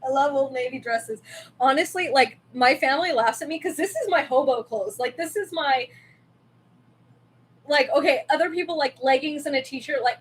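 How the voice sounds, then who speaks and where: Young woman host, high voice, rambling casual livestream chat at home, desk mic. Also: moderate pace, husky. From California. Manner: rambling and chatty, with many fillers and self-asides. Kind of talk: casual live-stream chat. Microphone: desk mic with webcam.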